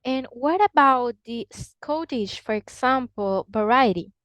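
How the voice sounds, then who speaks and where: A woman's voice: fairly high pitch, expressive, measured pace, fairly bright tone, dry recording, low-quality recording. A woman explaining English accents in a lesson, with slightly non-standard phrasing. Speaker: English teacher.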